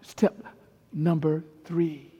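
A middle-aged man preaching a storytelling sermon as a pastor, swinging from hushed tones to loud peaks. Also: on the high side, level tone, extremely slow, slightly rough, highs cut off. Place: large church hall. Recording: long hall reverb with faint piano. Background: soft piano.

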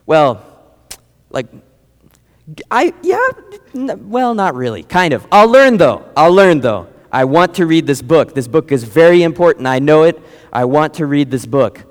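A man's voice: on the high side, big pitch swings, a little slow, big-room sound. A man voicing a poor, eager jungle farmer who was newly baptized, earnest and a little sheepish.

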